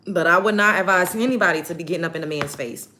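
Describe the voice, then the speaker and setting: Blunt, emphatic low-voiced woman host. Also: quick pace, sharp tone, a little hiss or hum. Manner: emphatic, blunt, repeats points for stress. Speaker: show host. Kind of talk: casual get-ready-with-me livestream talk.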